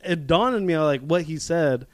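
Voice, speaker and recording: Young male podcast host, slightly high voice, laughs and swears often, loose storyteller. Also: moderate pace, dry recording. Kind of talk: casual chat.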